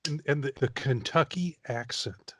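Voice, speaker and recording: A man from the Midwest co-hosting a casual podcast, halting and restarting, quick to laugh. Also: mid-range voice, fairly bright tone. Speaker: podcast co-host.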